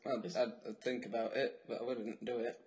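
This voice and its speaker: Young man, Northern English accent, mid-pitched voice, dry deadpan, hesitant, student radio co-host. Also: brisk. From North of England. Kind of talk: casual comic banter.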